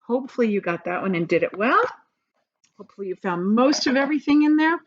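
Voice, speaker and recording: A woman's voice: a little high, expressive, fast talker, a little hiss or hum. A woman teacher walks young students through a grammar lesson on video, patient and encouraging. Her voice rises and falls a lot as she leads them along. The sound is a little dull and lo-fi.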